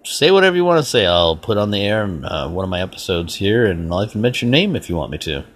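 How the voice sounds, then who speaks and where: A man's voice: lowish voice, big pitch swings, fast. A man hosting his own podcast, ranting bluntly and rambling in an exasperated, casual way. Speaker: podcast host. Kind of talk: solo casual rant.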